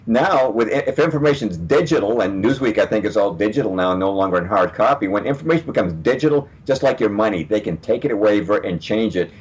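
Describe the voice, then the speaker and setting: A man being interviewed on radio as a guest author, explaining at a measured pace with frequent fillers. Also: on the low side, expressive, slightly rough, highs cut off.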